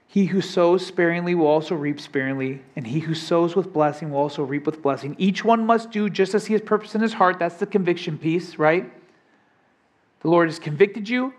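Young male preacher, casual sermon delivery, voice sits a bit high, keeps checking in with the congregation. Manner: conversational preaching, asks congregation questions. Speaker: pastor.

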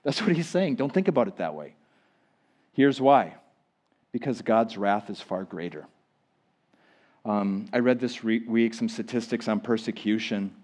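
A male pastor preaching a sermon to a church congregation, swinging from loud emphatic lines to hushed ones. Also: lowish voice, expressive, unhurried, pauses often. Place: church sanctuary.

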